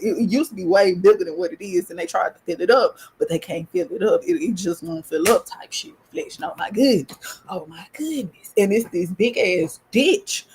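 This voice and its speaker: A woman from the US South with a Southern accent, hosting a podcast and telling a personal story in a casual, animated, profane way. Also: breathy edge. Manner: animated, profane, rising pitch in excitement. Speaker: podcast host.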